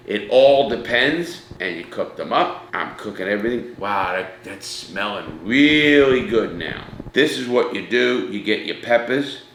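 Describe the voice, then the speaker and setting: Rich: A middle-aged man runs a casual cooking demo, talking straight to the viewers as "people" and "guys." His voice is bright and forceful. It rings in an echoey room. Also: mid-range voice, a little hiss or hum. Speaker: cooking show host.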